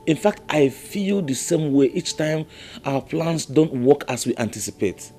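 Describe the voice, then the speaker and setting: A man's voice: medium pitch, mellow. An actor with a Nigerian accent playing a nervous, deferential male palace servant who stammers. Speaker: royal servant.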